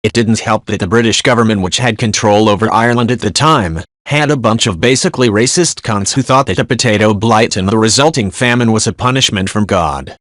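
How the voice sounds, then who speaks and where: Male narrator for forum-post readings: lowish voice, quick, dry and direct. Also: fairly bright tone, no room sound. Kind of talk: scripted reading of online posts.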